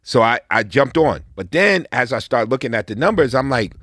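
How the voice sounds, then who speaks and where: An easygoing man in casual chat, with a mid-range voice. He backs up the others with quick agreement, and the sound is dry and close. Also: medium pitch, expressive, a bit bright, no echo. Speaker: podcast co-host, restaurant owner.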